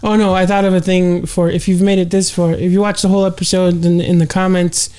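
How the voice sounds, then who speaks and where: A man with a Mexican-American accent co-hosts a casual podcast with dry, deadpan remarks. His voice sits notably high for a man. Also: a little fast, clean tone. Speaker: podcast co-host. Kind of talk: casual chat.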